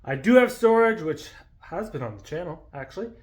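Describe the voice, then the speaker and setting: High-voiced male vlogger; loose, rambling, self-deprecating delivery. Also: expressive, brisk. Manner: rambling, self-deprecating, stumbling over words. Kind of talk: casual vlog chat. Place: home garage.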